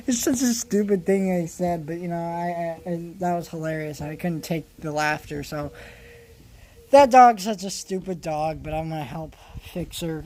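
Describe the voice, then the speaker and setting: A man's voice: on the high side, moderate pace, darkish tone. A man from California rambling casually in a vlog, with many restarts and fillers. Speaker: vlogger.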